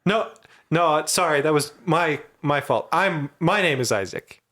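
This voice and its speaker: A man playing a tabletop game, talking in an animated, hesitant way. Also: a little high, unhurried. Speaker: player.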